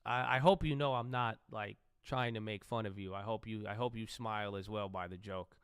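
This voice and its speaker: A man's voice: lowish voice, fairly even intonation, a little fast, smooth, no echo, studio quality. A man hosting a live trading stream, rambling and joking with the odd swear. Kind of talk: casual chat while trading.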